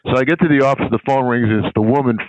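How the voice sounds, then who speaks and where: A man's voice: medium pitch, quick pace, no room sound. An older man, a guest on a sports public relations interview, tells a long anecdote in a rambling, conversational way and acts out the people in his story. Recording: tinny phone-line audio, dry.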